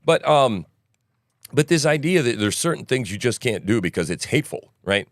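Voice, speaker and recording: A man's voice: mid-range voice, sing-song, moderate pace, no echo, clean studio sound. A male podcast host with a morning voice, rambling through casual livestream news commentary and tossing in "right?" asides and jokes.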